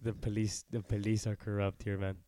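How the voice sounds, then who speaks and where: A man's voice: fairly low pitch, level tone, a little fast, mellow, dry recording. A young man co-hosting a casual podcast chat, laid-back and swearing often, a bit congested. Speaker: podcast co-host.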